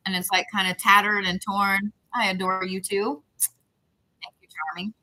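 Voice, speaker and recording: A woman's voice: medium pitch, little pitch movement, measured pace, pushed and bright, poor audio. A woman giving intuitive readings to viewers on a live stream, talking in a rambling, repetitive, chatty way. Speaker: psychic reader.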